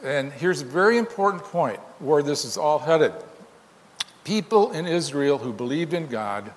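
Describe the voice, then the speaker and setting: A man with a slightly raised voice preaches and explains scripture, reading passages aloud with animated emphasis. His voice rings out with a long reverb, as in a church hall. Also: on the high side, measured pace. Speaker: pastor. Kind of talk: sermon.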